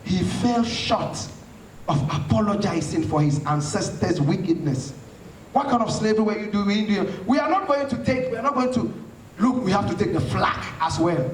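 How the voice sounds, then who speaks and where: A man's voice: sits high, animated, normal speed, a little hiss or hum. A man from Ghana giving an impassioned, rhetorical talk to an audience in a hall, answering questions. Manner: fiery, rhetorical, preaching tone. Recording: echoey hall from far off.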